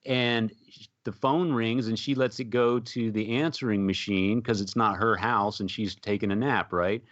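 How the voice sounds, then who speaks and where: Low-voiced, easygoing middle-aged man. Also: normal speed, no echo. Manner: relaxed storyteller who laughs often. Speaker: podcast co-host and music interviewer. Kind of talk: casual chat. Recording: dull, dry lo-fi sound.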